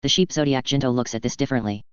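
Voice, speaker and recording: A man narrating a fan-fiction audiobook in an even, plain reading voice. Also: mid-range voice, racing, clear, resonant tone, dry recording. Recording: dull, dry lo-fi sound.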